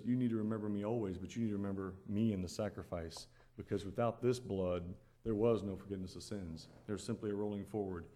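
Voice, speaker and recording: A man's voice: on the low side, a little mellow. A man preaching a sermon at the Lord's table, earnest and repeating phrases for emphasis, rising to exhort his listeners.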